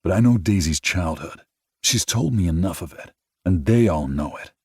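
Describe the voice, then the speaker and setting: A man voicing a frank, thoughtful grown man speaking in a measured way. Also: deep voice, animated, darkish tone, slightly rough, no echo, clean studio sound, exaggerated voice.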